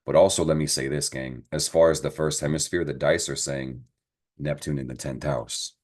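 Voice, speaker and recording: A man's voice: rumbling low, normal speed. A man giving a casual astrology and tarot reading to camera, talking in a slangy, profane, encouraging way. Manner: slangy, profane, animated pep talk.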